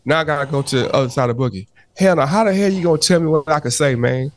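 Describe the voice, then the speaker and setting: A man's voice: a little high, fast talker. A man co-hosting a podcast, arguing his point in casual chat, often restarting and cutting in to hold the floor. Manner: animated, restarts often, repeats "hold on" to cut in. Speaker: podcast co-host.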